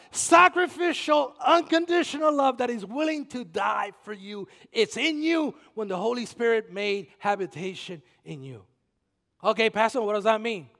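A male pastor preaching a sermon, swinging from loud exclamations to hushed asides. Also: very high-pitched. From Spanish-speaking background. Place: church sanctuary. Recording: long reverb of a large hall.

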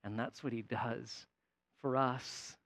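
A man preaching a sermon, animated, rising to a shout at points. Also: mid-range voice, slow pace. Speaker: pastor.

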